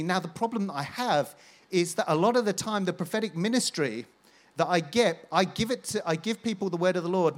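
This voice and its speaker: An energetic man preaches to his congregation, calling out to them and then sliding into a long personal story. His voice sits a little high for a man. He keeps a loose, conversational storytelling flow. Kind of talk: sermon with personal testimony.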